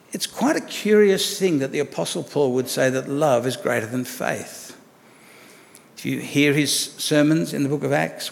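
A man's voice: medium pitch, gravelly, long reverb tail. A man preaching a sermon as pastor, conversational and asking rhetorical questions of the congregation.

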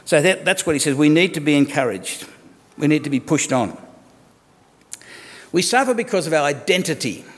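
Aussie pastor guy in his 50s, chatty sermon with lots of questions to the crowd, kinda high voice, long echo in the hall. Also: expressive, moderate pace, pauses often. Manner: conversational, asks the congregation rhetorical questions.

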